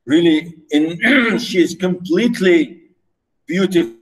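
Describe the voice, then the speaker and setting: A male lecturer explains poetry to a class in a slightly high voice. He talks very slowly, circling back over words with fillers and restarts. When he reads verse aloud, he slows down further and drops his voice. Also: low-quality recording. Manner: slow, with frequent repetitions and fillers.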